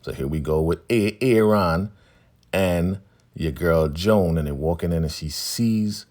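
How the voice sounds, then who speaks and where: A man casually recapping a TV episode, retelling scenes by quickly acting out the characters' lines. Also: a little mellow. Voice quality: gravelly, husky low voice. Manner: retells scenes with quick quoted dialogue and laughs. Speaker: recap host.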